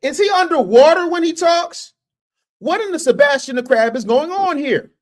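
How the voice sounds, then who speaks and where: This male livestream host talks in a high voice that swings widely up and down. He roasts clips in a rowdy, mocking way with loud outbursts and reads chat messages between jokes. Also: animated, normal speed. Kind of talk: casual reaction stream commentary.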